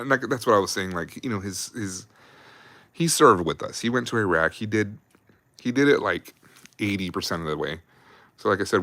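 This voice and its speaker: Deep-voiced veteran telling rambling army stories. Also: male voice, fairly bright tone, no room sound. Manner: rambling, profane, laughs while telling stories. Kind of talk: casual storytelling on a livestream.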